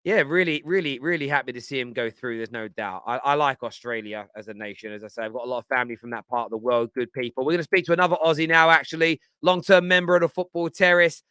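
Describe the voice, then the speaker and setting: A man hosts a live football fan stream, chatty and enthusiastic as he reads out viewer comments. His voice is crisp and clear, and the sound is dry and close, with no room around it. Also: medium pitch, fast, hardly any pauses, pushed and bright, no room sound. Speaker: football show host.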